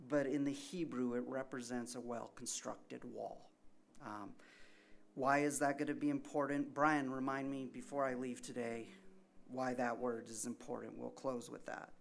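A man preaching a sermon in a conversational way, asking rhetorical questions and swinging between soft asides and loud emphasis. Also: medium pitch, little pitch movement, normal speed, gravelly, a little hiss or hum. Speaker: pastor.

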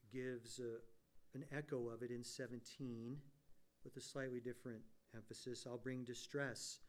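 Impassioned preacher, man. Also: mid-range voice. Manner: preaching with rhetorical questions, rising to emphatic peaks. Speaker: pastor. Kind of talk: sermon.

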